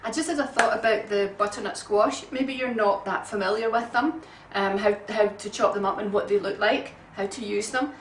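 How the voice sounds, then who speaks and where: A woman giving a relaxed, homely cooking demonstration in her kitchen, chatting along with frequent ums. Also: medium pitch, normal speed, few pauses, a little hiss or hum. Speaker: home cook. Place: home kitchen. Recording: roomy kitchen sound from a distant mic.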